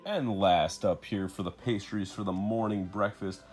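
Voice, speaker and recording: A man's voice: on the low side, moderate pace, darkish tone, faint music behind. A young man vlogging while walking around a city, chatty and self-mocking as he talks to a handheld camera. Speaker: travel vlogger. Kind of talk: casual vlog to camera.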